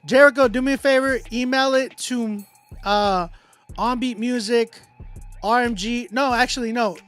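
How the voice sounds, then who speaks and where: A man hosting a casual livestream, chatting with viewers in slang and often trailing off into quiet mumbles. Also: extremely high pitch, fairly even intonation, a little slow, soft background music. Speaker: livestream host running a song battle.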